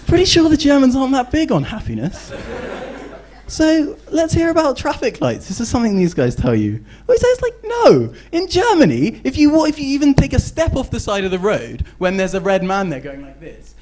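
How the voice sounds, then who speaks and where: A man's voice: extremely high pitch, huge pitch swings, fairly quick, a little mellow. A young man with a British accent giving a competitive debate speech, joking and playful, often ending points with tag questions.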